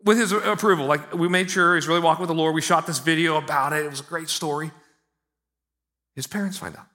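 A man preaching a sermon in an animated, conversational way, with frequent asides to the congregation. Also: a little high, quick pace. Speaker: pastor.

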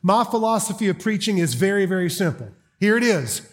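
A man's voice: high voice, expressive, fairly quick. A middle-aged man from South Carolina with a Southern accent, preaching a sermon as a guest in a church and telling folksy, joking stories. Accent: Southern American. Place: church auditorium.

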